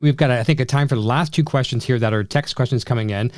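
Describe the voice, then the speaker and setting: A man's voice: mid-range voice, quick pace, a little mellow. A man hosting an interview, chatty and agreeable, reading out viewer questions. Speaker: show host. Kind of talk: casual interview chat.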